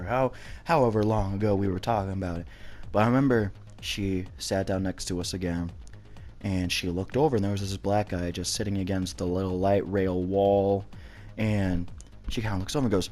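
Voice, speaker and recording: Low-voiced young man rambling a storytime. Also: a little mellow. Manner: rambling, many restarts and swearing. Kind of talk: casual spoken storytime.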